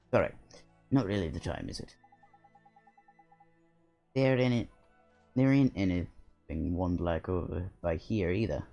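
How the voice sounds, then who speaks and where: A man's voice: sits low, slow pace, gravelly, pauses often, warm tone, lo-fi sound, faint music behind, full character voice. A man voicing a chatty, bossy little male fairy sidekick while reading a game aloud. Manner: lilting, bossy, slangy and matter-of-fact.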